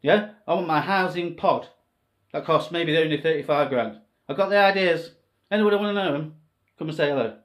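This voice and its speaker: A man talking straight to camera in a rambling, emotional monologue, swearing freely and swinging between quiet musing and impassioned appeals. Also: a little high, a little fast. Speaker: self-styled candidate vlogger.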